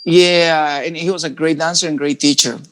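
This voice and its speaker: A man's voice: a little high, fairly even intonation, normal speed, a bit bright. A man from Mexico with a Mexican accent who speaks English as a second language. He chats casually as a guest and laughs often. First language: Spanish. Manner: laughs often, says "bro" a lot. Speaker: guest salsa dancer. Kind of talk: casual interview chat.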